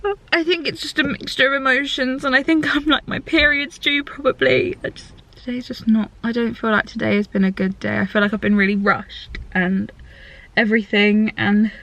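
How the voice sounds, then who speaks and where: A young woman vlogging to a handheld camera, crying and talking in halting, broken phrases. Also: a little high, steady tone, fairly bright tone. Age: young adult. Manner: halting, tearful, trailing off. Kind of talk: confessional vlog talk.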